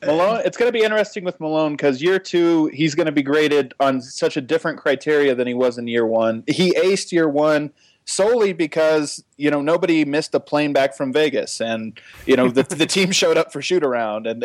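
A man's voice: a little high, a little fast, dry recording, poor audio. A man co-hosting a basketball podcast, giving casual analysis and thinking aloud with frequent restarts. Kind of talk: casual sports analysis chat.

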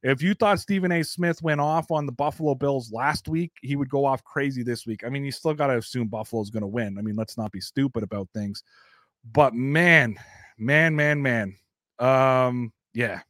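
Blunt, profane Canadian sports host. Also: male voice, mid-range voice, moderate pace, a bit bright, no room sound, clean studio sound. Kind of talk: casual sports talk.

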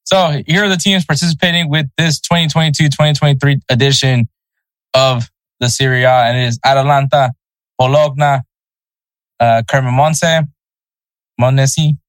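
A man's voice: medium pitch, steady tone, moderate pace, a bit bright, no echo, low-quality recording. A man co-hosting a casual sports podcast, loose and chatty, laughing at his own pronunciation slips. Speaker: podcast co-host.

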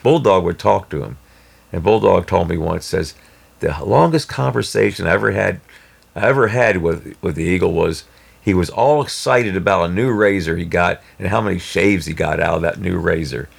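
A man telling a personal story in a rambling, halting way with many restarts. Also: low voice, creaky, breathy edge. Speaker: storyteller guest. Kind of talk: casual spoken storytelling.

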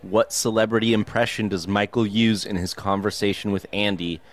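A man's voice: fairly low pitch, moderate pace. A man hosting a podcast trivia round, laughing often as he reads questions and plugs the show. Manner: laughs often, lively quizmaster. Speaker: podcast host reading listener trivia. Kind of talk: casual chat.

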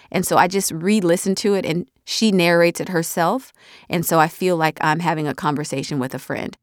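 Woman author, 30s, casual animated chat, lowish voice, dead-dry booth. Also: no room sound. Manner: animated, chatty, drops softly at the ends of thoughts. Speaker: author talking about her audiobook. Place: recording booth. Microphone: studio mic.

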